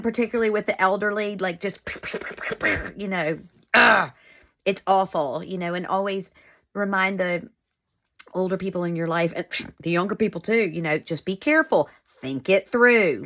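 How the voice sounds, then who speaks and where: A woman's voice: mid-range voice, normal speed, fairly bright tone. A middle-aged woman telling a family story in a casual vlog, chatty and laughing often.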